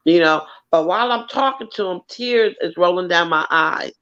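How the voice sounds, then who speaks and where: A woman telling a long story in casual chat, animated and swearing freely. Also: lowish voice, normal speed. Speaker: co-host. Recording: dull lo-fi audio.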